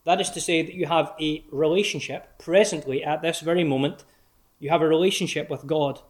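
A man preaching a sermon in a gospel hall, earnest and direct, slowing down to read scripture with emphasis. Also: a little high. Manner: earnest, direct address to the listener, slow emphatic scripture reading.

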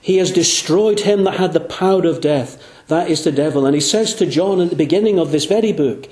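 A man preaching an evangelistic sermon in a church, earnest, slowing down and dropping his voice low on the key phrases. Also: darkish tone. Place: church room. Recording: echoey room.

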